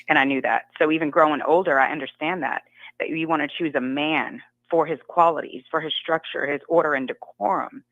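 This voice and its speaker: A middle-aged woman calling in to a radio show, giving her view in an earnest, measured way. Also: low voice, fairly bright tone, dry recording. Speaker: caller. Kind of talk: phone-in opinion. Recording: dull lo-fi phone line.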